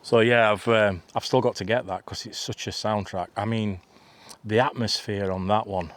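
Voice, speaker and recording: A man in his fifties rambles through a story for his vlog while out in a field, full of restarts and tangents. He has a lowish voice with fairly even intonation and speaks at normal speed.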